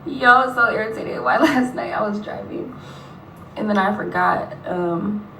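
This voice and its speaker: A woman's voice: mid-range voice, unhurried, creaky, pushed and bright, recorded from a distance, a little hiss or hum. Profane woman telling gossip on a livestream. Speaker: livestreaming rapper. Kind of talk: casual livestream storytime. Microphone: phone on a livestream. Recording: echoey room, phone held away.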